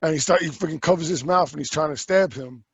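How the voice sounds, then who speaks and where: A man co-hosting a movie podcast in casual chat, animated, acting out scenes in voices and swearing casually. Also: a little high, fast, husky, no room sound, lo-fi sound. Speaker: podcast host.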